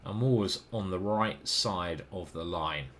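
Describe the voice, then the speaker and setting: A man's voice: low-pitched, a little slow, a bit bright, slight background noise. A man with an English accent commenting casually over his own chess games, rambling, self-deprecating and swearing now and then.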